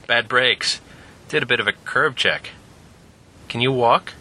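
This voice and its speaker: A man's voice: mid-range voice, measured pace, pushed and bright. Easygoing young male driver, read by the narrator; casual, offhand. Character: laid-back young man, a driver.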